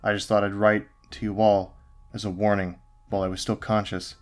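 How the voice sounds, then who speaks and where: A man's voice: lowish voice, flat delivery, a little fast, faint music behind. A man narrating a first-person horror story in a grim, haunted way.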